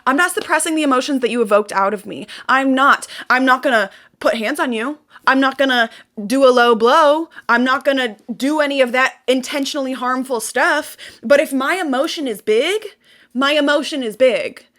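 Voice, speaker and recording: A woman's voice: high-pitched, moderate pace, a bit bright. A young woman vlogger venting to her viewers in an intense, emotional monologue, swearing and repeating phrases for emphasis.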